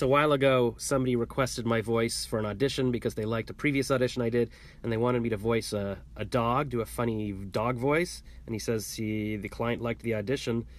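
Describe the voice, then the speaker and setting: A man vlogging casually from his home, rambling and joking in a self-deprecating way. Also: medium pitch. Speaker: vlogger and voice actor. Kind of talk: casual vlog.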